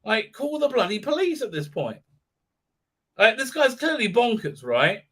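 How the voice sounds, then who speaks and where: Bright-voiced man mocking a show. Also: very high voice, sing-song, unhurried. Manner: mocking, acts out characters in silly voices, many fillers. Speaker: host recapping a show. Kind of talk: live stream commentary.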